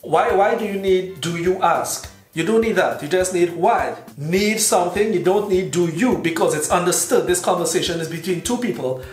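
A Trinidadian man with a slightly high voice patiently explains things step by step, pausing to check in with his listeners. His voice rings around an echoey room while faint music plays underneath. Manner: patient, methodical, checks in with "all right". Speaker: accent tutorial host. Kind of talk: casual explanatory tutorial.

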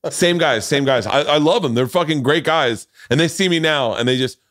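A man in his forties hosting a podcast, telling stories in a loud, animated and profane way. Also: on the high side, normal speed, no room sound, studio quality. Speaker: podcast host. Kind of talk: casual storytelling chat.

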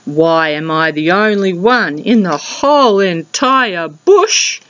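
An Australian woman teaching young children, reading a picture book aloud in a lively, sing-song way. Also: slow, dull audio, noisy background. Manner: lively, sing-song storybook reading with big pitch jumps. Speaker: primary school teacher.

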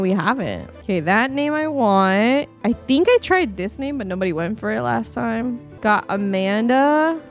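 A woman streamer chatting casually with her live audience as she plays a game, with excited gasps and laughs. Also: mid-range voice. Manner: chatty, reacting to chat polls with gasps and laughs. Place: home streaming setup. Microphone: desktop USB mic.

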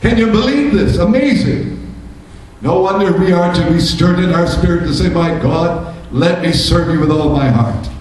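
A man's voice: high-pitched, moderate pace, a little mellow. A male pastor preaching a sermon, asking rhetorical questions and building to fervent emphasis. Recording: echoey church room, mic from a distance.

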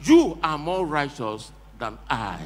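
Lively high-voiced preacher. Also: male voice, slow pace. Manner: emphatic, retells each read verse in plain words and prompts the reader. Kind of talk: sermon. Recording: echoey hall with long reverb.

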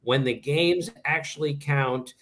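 A man's voice: on the high side, takes it slowly. A man in his sixties from Maryland, a baseball writer telling stories in a casual interview and acting out what people said. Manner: animated, tells anecdotes and puts on voices for quoted people.

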